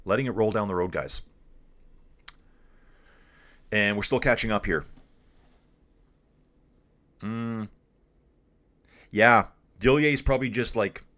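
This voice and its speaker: A man's voice: fairly low pitch, fairly bright tone. A man from Canada hosting a casual live cycling stream, reading viewer comments aloud and chatting in a laid-back way, calling everyone dude.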